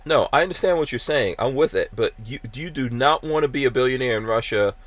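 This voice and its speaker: A man hosting a podcast, chatting loosely and reading listener comments aloud. His voice sits at an ordinary middle pitch and sounds close and dry, with no room around it. He talks haltingly, full of ums and restarts. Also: lively intonation, dry recording. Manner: halting, many fillers and restarts. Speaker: podcast host. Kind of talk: casual chat, reading live chat comments.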